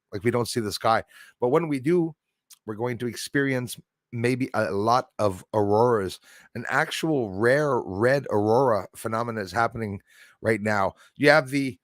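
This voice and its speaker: A man's voice: mid-range voice, no room sound, studio quality. A man hosting a late-night live stream, chatting loosely with viewers and greeting them by name. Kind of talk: casual live stream chat.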